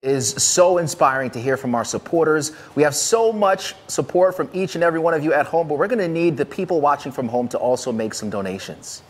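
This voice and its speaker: A man's voice: a little high, a little fast, few pauses. A man co-hosting a live studio broadcast, upbeat and bantering with his partner. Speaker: TV host.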